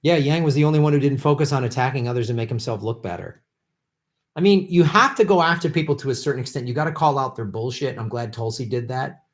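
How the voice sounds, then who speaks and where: Speaking quickly in a mid-range voice, this livestream host shouts profanities at politicians. His off-the-cuff political commentary is one long, bitter rant.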